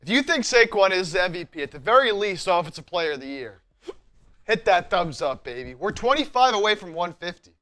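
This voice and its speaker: A man co-hosts a live sports stream with a high voice. His pitch swoops lively as he hypes up viewers and reacts to plays. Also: a little fast. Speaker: livestream co-host.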